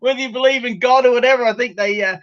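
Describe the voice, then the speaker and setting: A man's voice: very high-pitched, steady tone, very fast, fairly bright tone, muffled recording. A man with an Australian accent chatting bluntly about sports, dropping "mate" often. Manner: blunt, laughs, says "mate" a lot. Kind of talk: casual sports chat.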